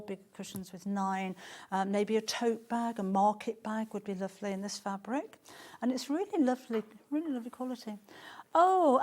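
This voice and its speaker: A woman's voice: a little high, darkish tone. A middle-aged woman presenting fabrics on a live sales show, chatting and gushing with lots of restarts.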